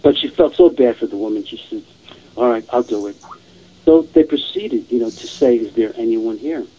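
A man's voice: medium pitch, normal speed, dark tone, highs cut off. A man casually telling a long ghost story, rambling and repeating "I says" and "she goes".

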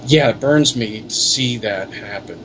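A man's voice: on the low side, measured pace, a bit bright, slight background noise, poor audio. A man, a paranormal investigator, telling earnest, rambling stories in a casual interview. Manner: earnest, rambling storyteller with many restarts.

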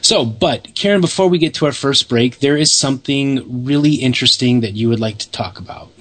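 A man's voice: medium pitch, brisk, fairly bright tone. A man hosting a radio talk show, opening the program and steering the chat in an upbeat, casual way. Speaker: radio host.

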